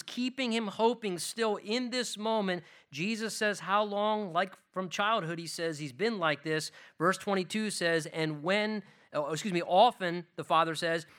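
A middle-aged man preaching a sermon as pastor, moving between emphatic lines and hushed ones. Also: high-pitched.

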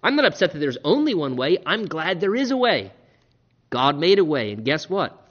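A man preaching a sermon in an earnest, animated way, often repeating himself and restarting his sentences. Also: on the high side, normal speed, muffled recording. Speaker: pastor.

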